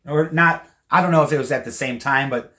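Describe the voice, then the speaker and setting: A man's voice: fairly high pitch, fairly quick, pushed and bright. A man co-hosting a casual book discussion, retelling scenes in a loose, conversational way that often trails off. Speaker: podcast co-host.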